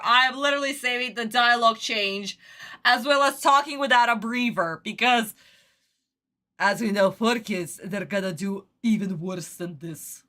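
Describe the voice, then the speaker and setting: A woman's voice: on the high side, normal speed, sharp tone. A woman streamer reacting to a cartoon on a live stream, ranting in exasperation and swearing a lot.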